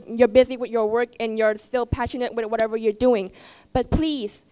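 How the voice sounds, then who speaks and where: A teenage girl with a Vietnamese accent giving a heartfelt, halting speech at a school event, often repeating herself as she searches for words. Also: on the high side, darkish tone, smooth, no room sound. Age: teens. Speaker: student speaker. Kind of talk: emotional personal speech.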